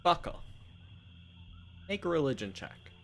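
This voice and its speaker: A man's voice: fairly high pitch, very animated, measured pace, vocal fry, fairly bright tone. A man running a tabletop game as game master, talking casually, joking and laughing between lines.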